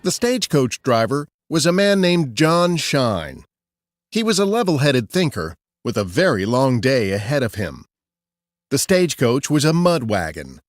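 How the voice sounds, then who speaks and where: A man narrating a scripted true-crime history story in an expressive storytelling way. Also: mid-range voice, no room sound, studio quality.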